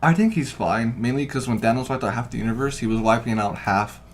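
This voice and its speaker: A man co-hosting a podcast in casual chat, rambling and swearing, getting loud when he retells what people said. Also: medium pitch, a little fast, slight background noise. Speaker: podcast co-host.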